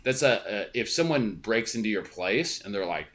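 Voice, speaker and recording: A young man hosting a podcast alone, talking casually in a rambling, profane, animated way from a hotel room. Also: fairly low pitch, moderate pace. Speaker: podcast host. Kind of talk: casual monologue.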